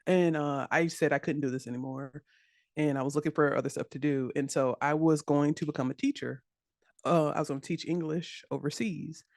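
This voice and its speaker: Woman, southern us accent, animated, laughs a lot, dry close recording. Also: low voice, a little fast, dry recording. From United States. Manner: animated, laughs often, acts out quoted voices. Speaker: podcast guest, web developer. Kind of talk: casual interview chat.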